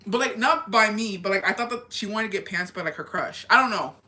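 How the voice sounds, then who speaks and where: A woman's voice: medium pitch, brisk, pushed and bright. A young woman telling a casual storytime confession, rambling and swearing, with lots of fillers, often laughing at herself. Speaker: vlogger.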